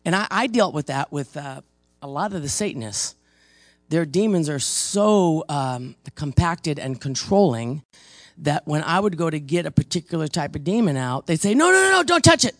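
A man teaches in a conversational, storytelling way, pressing hard on his key points and stumbling into restarts as he goes. His voice has a gravelly texture. The recording is close and dry. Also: on the high side, expressive, moderate pace, no room sound. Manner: emphatic, storytelling, frequent restarts. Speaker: preacher.

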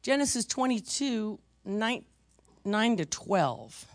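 A pastor preaching a sermon in a conversational, animated storytelling manner, self-deprecating and lively. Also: medium pitch, takes it slowly, no room sound.

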